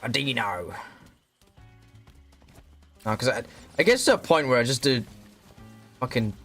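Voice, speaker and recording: A man's voice: mid-range voice, sing-song, a little slow, fairly bright tone. A young man casually commentating on a game he plays, ranting and swearing often. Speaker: streamer. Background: faint background music.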